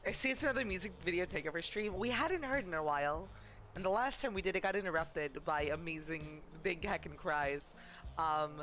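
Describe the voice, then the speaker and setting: A woman's voice: low voice, fairly bright tone. A woman livestreaming a charity stream, talking in a gushing, emotional way with a lot of rambling and fillers. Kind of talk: casual livestream chat.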